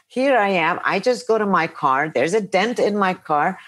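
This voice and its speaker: A middle-aged woman with a slightly low voice tells a long story on a podcast. She chats casually and is animated and exasperated as she retells each step. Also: normal speed. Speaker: podcast host.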